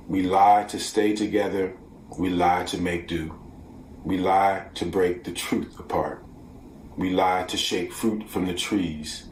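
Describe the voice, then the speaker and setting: A man reading his own poetry at a measured, deliberate pace, sometimes sinking to a near whisper. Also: low-pitched, a little mellow. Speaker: poet. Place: room at home, virtual festival. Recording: echoey room, distant from mic, faint background noise.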